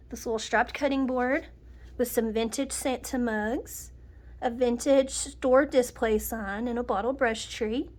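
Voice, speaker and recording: A middle-aged woman talks through her decorated home in a chatty, homey way. She names the items one by one. Her voice sits a little high and sounds nasal and sniffly from a cold. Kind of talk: casual home tour narration.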